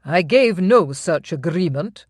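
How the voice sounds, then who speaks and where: An audiobook narrator voicing a calm, firm Highland laird who speaks in a measured, assertive way. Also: dry recording, clean studio sound.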